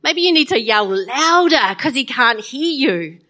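A woman's voice: on the high side, animated, moderate pace, fairly bright tone. A woman voicing a confident male prophet who challenges and mocks his rivals, in a Bible story told to listeners. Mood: mocking. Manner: mocking, challenging.

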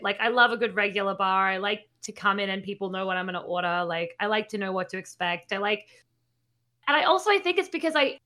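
A woman's voice: medium pitch, bright, forceful tone. A woman in her thirties chatting casually on a podcast, blunt and sweary, with lots of fillers. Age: 30s. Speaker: podcast co-host.

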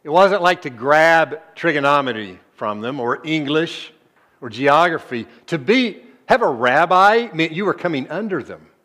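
A man preaching a sermon as a pastor. He swings between low, soft stretches and loud emphatic bursts, and keeps asking the congregation rhetorical questions. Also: lively intonation, unhurried.

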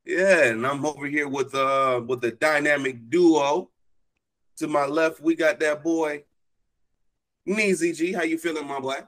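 A man's voice: fairly high pitch, measured pace, a bit bright. A young man hosting a casual sports podcast, hyped and joking, drawling his sing-song intro. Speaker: podcast host.

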